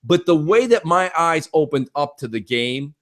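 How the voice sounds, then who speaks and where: A young American man co-hosting a casual gaming podcast, telling stories with lively acted-out quotes and plenty of swearing. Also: on the high side, normal speed. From United States. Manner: animated storyteller, acts out friends' shouts, swears freely. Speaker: podcast co-host.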